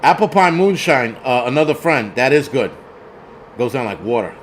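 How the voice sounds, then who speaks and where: A man's voice: mid-range voice, lively intonation, normal speed, a little hiss or hum. A man hosting a casual livestream, reading chat comments aloud and ranting bluntly with plenty of profanity.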